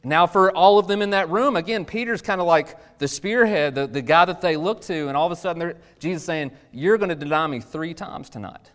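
A man, likely in his thirties, preaching a conversational sermon in a casual, animated way with sudden jumps in pitch. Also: a little fast, hardly any pauses. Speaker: pastor.

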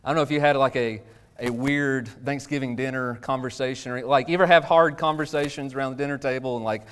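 A man, likely in his thirties, preaching a conversational sermon in a casual, animated way with sudden jumps in pitch. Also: fast talker, clear, resonant tone. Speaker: pastor.

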